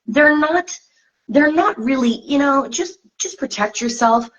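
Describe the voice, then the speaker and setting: Over a video call with slightly dull lo-fi sound, a woman co-hosts a spiritual tarot reading show. Her voice sits high and a bit bright, animated yet measured in pace, as she talks earnestly in repeated coaching phrases.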